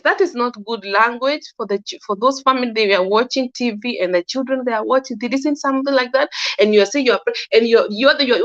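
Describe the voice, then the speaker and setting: Earnest woman, dull lo-fi sound. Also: medium pitch. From Kenya. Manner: earnest, repetitive, restarting sentences. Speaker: commentator. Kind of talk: casual opinion monologue.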